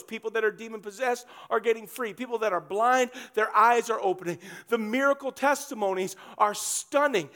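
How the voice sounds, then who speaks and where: A man preaching a sermon, telling a Bible story with humor and acting out the characters in quick asides. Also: very high-pitched, fairly bright tone. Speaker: pastor.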